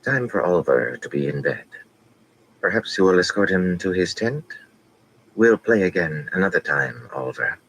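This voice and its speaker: A man voicing a cool, imperious young noblewoman in an audiobook, with a slow honeyed drawl. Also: sits low, big pitch swings, a bit bright, slight background noise, pitched above the performer's own voice, poor audio.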